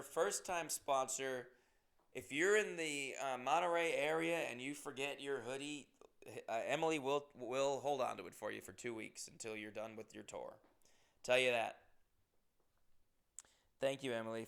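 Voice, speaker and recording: His mid-range voice carries vocal fry yet sounds fairly bright, clear, and resonant. A comedian hosting a podcast, he gives a casual monologue of rambling, self-deprecating tales with plenty of swearing.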